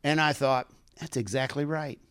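Smooth-voiced man preaching a folksy sermon. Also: on the high side, fairly even intonation, normal speed, a bit bright. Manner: earnest, folksy storytelling, rising to fervent exhortation. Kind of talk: conversational sermon with personal stories.

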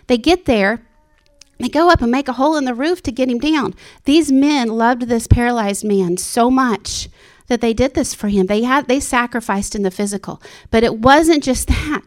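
A woman preaching a sermon with passion, climbing to high excited exclamations and dropping to a whisper for her inner thoughts.

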